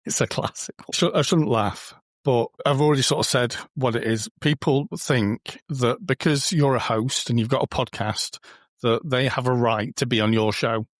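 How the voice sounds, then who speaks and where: A man chatting informally as a podcast guest, often slipping into little quoted exchanges. His voice sits at an ordinary middle pitch. The sound is dry and close, with no room echo. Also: moderate pace. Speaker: podcast guest, booking company co-founder. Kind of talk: casual conversational interview.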